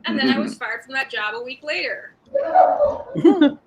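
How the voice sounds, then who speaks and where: A woman's voice: high-pitched, wildly swooping pitch, a little slow, a crowd in the background, rough recording. A young woman stand-up comedian doing a live-streamed set, talking in a sarcastic, rambling, conversational way.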